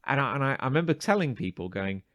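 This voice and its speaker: A man's voice: medium pitch, very animated, fast talker, a bit bright, no echo, studio quality. A man co-hosting a casual podcast chat, telling a story animatedly, acting out the quoted exchanges and stumbling over restarts as he builds it up. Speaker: podcast co-host.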